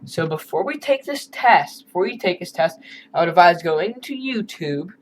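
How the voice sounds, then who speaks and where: A man's voice: high voice, expressive, moderate pace, slight background noise, poor audio. A man teaching a beginner Spanish lesson over a screen recording, explaining in a casual, chatty way with asides.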